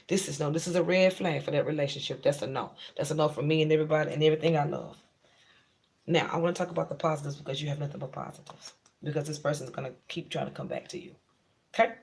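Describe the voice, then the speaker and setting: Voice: medium pitch, creaky, darkish tone. A tarot reader giving a blunt, casual reading to viewers, repeating points and talking frankly in slang. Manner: blunt and repetitive, drives points home.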